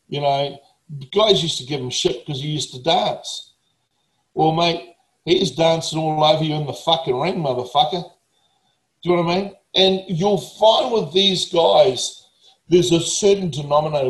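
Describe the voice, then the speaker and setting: A man's voice: on the high side, reverberant, rough recording. A man, a motivational speaker talking casually, blunt, emphatic and swearing heavily. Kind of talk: casual talk.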